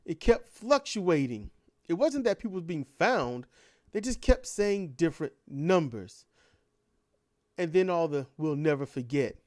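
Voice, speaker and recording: A man's voice: sits high, very animated, a little slow, darkish tone, no echo, studio quality. Impassioned man ranting. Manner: impassioned, repetitive rhetorical questions. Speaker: commentator. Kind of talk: ranting monologue.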